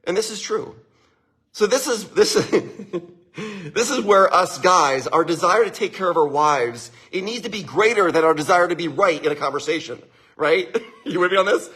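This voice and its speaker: On his live stream, a man offers laid-back marriage advice, speaking with animation, laughing frequently and checking in with the audience again and again. His voice sits on the high side, a bit bright and breathy.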